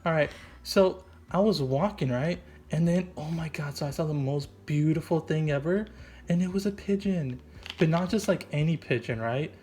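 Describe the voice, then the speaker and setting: A man's voice: a little high, normal speed, darkish tone. A man doing an improvised comic voice-over, rambling and goofy, packing his talk with "like" and "right?". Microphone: voice-over mic.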